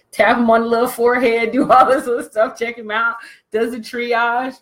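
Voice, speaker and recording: Animated, slangy woman telling a story. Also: on the high side, normal speed. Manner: animated, slangy, laughs often. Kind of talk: comic storytelling talk.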